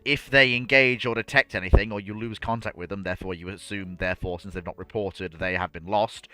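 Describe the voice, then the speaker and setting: Man, bright tense voice, casual podcast chat, joking, dry sound. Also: lowish voice, clear, resonant tone, no echo. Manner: animated, joking. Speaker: podcast co-host.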